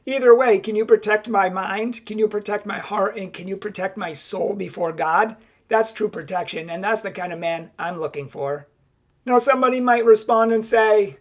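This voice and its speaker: A woman's voice: medium pitch, moderate pace. A young woman speaking as a Catholic advice speaker, talking to camera and acting out both sides of each exchange. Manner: emphatic, acts out both sides of dialogues. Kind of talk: direct-to-camera advice talk.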